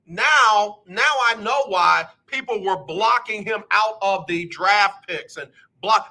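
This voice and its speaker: A man hosting a live radio talk show, animated and joking as he teases his listeners. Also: high-pitched, a little slow, hardly any pauses. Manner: animated, joking, playful teasing. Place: radio studio.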